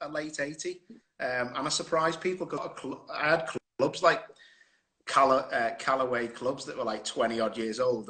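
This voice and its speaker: A man's voice: medium pitch, bright, forceful tone. Chatty man telling stories. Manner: chatty anecdotal storyteller, laughs often. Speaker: guest. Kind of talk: casual chat on a live stream. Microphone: phone on a video stream.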